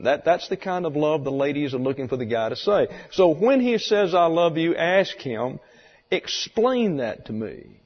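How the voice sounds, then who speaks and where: Male Bible teacher, folksy lecture, husky voice, muffled hall recording. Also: a little high, big pitch swings, moderate pace. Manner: folksy, explanatory, rhetorical questions. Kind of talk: sermon lecture.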